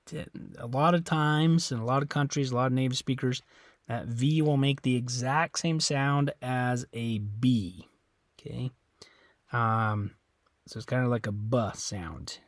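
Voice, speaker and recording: A man's voice: mid-range voice, no echo. A man teaching a Spanish lesson in an informal way, often correcting himself and checking in with "okay?". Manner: informal, repeats words, corrects himself, ends phrases with "okay?". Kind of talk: recorded classroom lesson.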